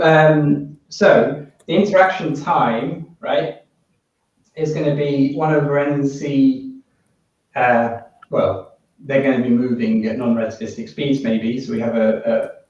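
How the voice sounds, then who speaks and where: A man's voice: medium pitch, darkish tone. British man lecturing in an echoey hall. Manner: thinks aloud with many restarts, quizzes the audience. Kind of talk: workshop physics lecture. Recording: echoey, dull hall recording from far off.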